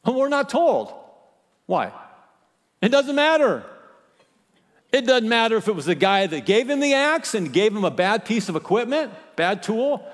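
A high-voiced male pastor preaching with wide swings in pitch and volume, pushing hard on key phrases and then dropping almost to a hush. His voice rings out through a big hall with a long reverb trailing behind it. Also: big pitch swings, measured pace, pauses often. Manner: impassioned preaching, rising and dropping to near-whispers. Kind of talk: sermon.

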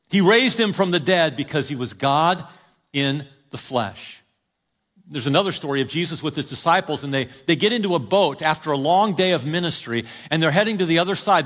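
High-voiced man preaching in a reverberant hall. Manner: storytelling, urging the congregation, swings between loud calls and quiet drops. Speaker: pastor. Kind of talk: sermon.

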